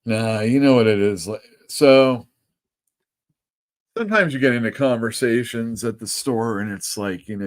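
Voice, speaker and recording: Comic shop guy rambling on a livestream, swears a lot, mid pitch. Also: smooth. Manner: chatty and rambling, swears freely, quick laughs. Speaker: comic store owner and show host. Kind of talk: casual live-stream chat.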